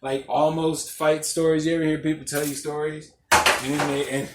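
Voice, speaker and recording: A young man's fairly high voice comes across flat and at a moderate pace as he hosts his podcast solo, laughing often while telling rambling, profane stories. The casual monologue is recorded in an echoey room with faint noise.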